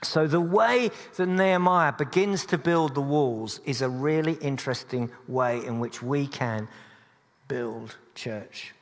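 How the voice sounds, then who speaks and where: A man preaching to his congregation, earnest and steady at a middling pitch, slipping in dry jokes at his own expense. His voice rings out into a church with a long, lingering reverb. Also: unhurried. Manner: earnest, with dry humorous asides. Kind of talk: sermon.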